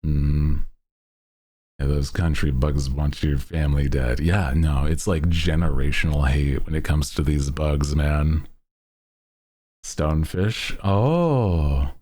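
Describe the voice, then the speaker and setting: A man streaming, chatting casually to his chat in a laid-back, rambling way with lots of fillers. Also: extremely low pitch. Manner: bursts into loud laughter.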